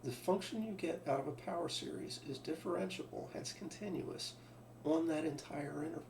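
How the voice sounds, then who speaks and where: Gravelly-voiced man lecturing in a roomy space. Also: a little high, brisk, a little mellow. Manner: thinking aloud, restarts, asks rhetorical questions. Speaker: math teacher. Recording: roomy sound from a distant mic, faint background hum.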